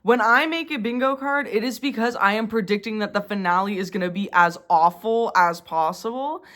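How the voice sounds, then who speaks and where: A young woman vlogging casually, ranting in an exasperated, animated way with lots of fillers. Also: fairly high pitch. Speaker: YouTuber. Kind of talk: casual vlog commentary.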